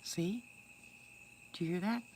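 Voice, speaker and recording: A woman's voice: fairly low pitch, takes it slowly, darkish tone, slight background noise. A woman casually chatting with livestream viewers, greeting them by name and calling out whoops. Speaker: livestream host talking to viewers. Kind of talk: casual live chat outdoors. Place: outdoors in woods at night.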